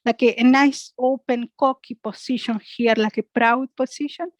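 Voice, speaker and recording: Soft-spoken woman guiding yoga. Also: on the high side, fairly even intonation, no room sound, low-quality recording. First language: Spanish. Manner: soft, slow cues ending in "yeah?". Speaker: yoga instructor. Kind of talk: guided yoga class.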